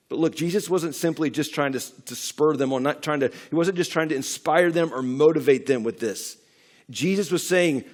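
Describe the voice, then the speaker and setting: A man's voice: a little high, moderate pace. A middle-aged man preaching a sermon in a church, talking conversationally with frequent restarts and building to emphatic peaks. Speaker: pastor. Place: church sanctuary.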